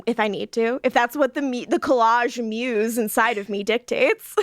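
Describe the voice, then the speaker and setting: A woman's voice: a little high, steady tone, normal speed, no room sound, studio quality. A woman co-hosting a casual rewatch podcast, laughing often and acting out characters' lines. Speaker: podcast co-host.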